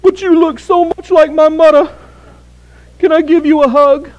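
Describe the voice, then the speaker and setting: A homesick young recruit, gentle and pleading, his voice pitched well above the speaker's own, as a preacher acts him out. He asks with polite, soft urgency. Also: fairly even intonation, moderate pace, dull audio.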